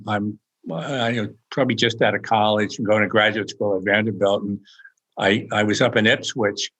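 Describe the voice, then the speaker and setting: A man's voice: on the low side, a bit bright. An older man, an author being interviewed, telling funny stories in a rambling, chuckling way with many restarts. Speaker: author guest. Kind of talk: casual anecdotal storytelling.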